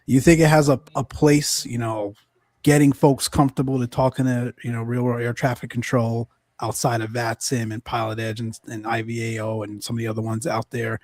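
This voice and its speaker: A man's voice: mid-range voice, flat delivery, a little fast, a little mellow, no echo, studio quality. A man hosting a podcast, friendly and affirming as he asks a guest questions. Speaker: podcast host. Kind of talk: casual podcast chat.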